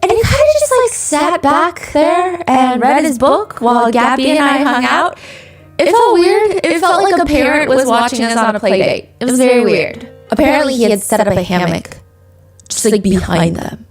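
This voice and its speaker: A woman hosting a true-crime podcast, telling the story in a chatty, animated way and acting out the people she quotes. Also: high voice, moderate pace, soft background music. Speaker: podcast host.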